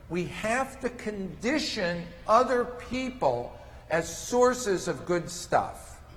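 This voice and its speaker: In a high, fairly bright voice that echoes like a big room, a man gives a conference talk on mand training. He lectures step by step while demonstrating live with toys.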